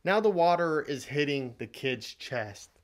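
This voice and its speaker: A man vlogger telling a motivational story in an animated, dramatic way. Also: on the high side, unhurried.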